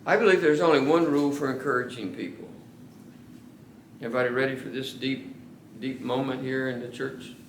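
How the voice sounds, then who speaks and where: A man preaching a sermon to his congregation, earnest and slowing down to stress key words. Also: mid-range voice, fairly even intonation, a little hiss or hum. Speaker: pastor. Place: church sanctuary. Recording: echoey church room.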